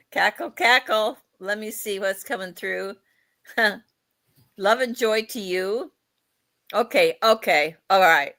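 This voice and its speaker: A woman's voice: medium pitch, takes it slowly, a bit bright. A woman psychic medium chatting casually in a giggly, light-hearted way on a live stream.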